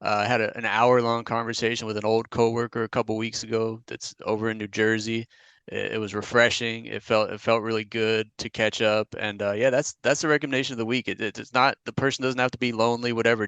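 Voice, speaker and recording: A male podcast co-host with a bright, crisp and smooth voice, telling stories in easygoing casual chat. He's heard close on a dry mic with no room sound. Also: fairly low pitch, steady tone, fast, no room sound. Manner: easygoing storytelling with frequent restarts.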